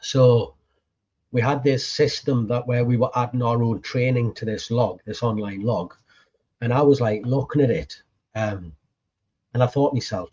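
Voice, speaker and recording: Chatty, swearing man, husky and warm. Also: mid-range voice, normal speed, muffled recording. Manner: chatty, swears freely, acts out past conversations. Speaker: podcast co-host appearing as guest. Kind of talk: casual storytelling chat.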